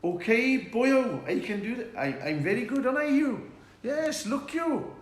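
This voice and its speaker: A man voicing a cheery, chatty Welshman who is pleased with himself, speaking high with a put-on Welsh accent, in an echoey room. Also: lively intonation, a little slow.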